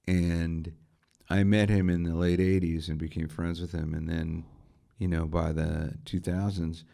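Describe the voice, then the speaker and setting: Man, middle-aged, dark mellow tone, interview guest, enthusiastic anecdotes, rhetorical questions. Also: low voice, level tone, a little slow, gravelly. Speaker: interview guest, guitarist and music writer. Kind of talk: storytelling in a conversational interview.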